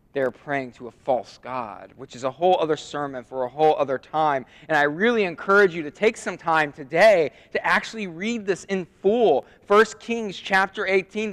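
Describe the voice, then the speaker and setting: A male pastor delivers a sermon in a fairly high voice. He swings from hushed, intimate lines to loud, dramatic scripture readings. The sound carries the long reverb of a church hall.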